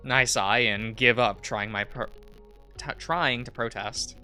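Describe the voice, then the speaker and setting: A man's voice: mid-range voice, a little slow, sharp tone, clear, resonant tone, faint music behind. A man streaming a visual novel, reading it aloud with chuckling asides.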